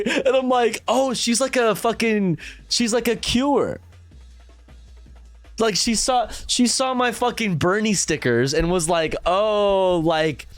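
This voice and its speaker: A man's voice: fairly high pitch, dry recording. A man streaming a casual reaction, telling a rambling story full of swearing and laughter.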